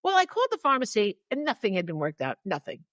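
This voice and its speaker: Woman co-host, a bit higher-pitched, animated storyteller who plays out both sides of each call, dry close recording. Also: quick pace, no echo. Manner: animated storyteller, acts out both sides of the phone calls, laughs often. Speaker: podcast co-host. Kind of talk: casual chat.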